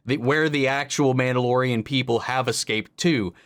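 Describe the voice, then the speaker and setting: A man's voice: mid-range voice, normal speed, a bit bright, no room sound. A man hosting a reaction video, chatting casually in a rambling way, with lots of fillers and restarts. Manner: rambling, filler-heavy talk with frequent restarts.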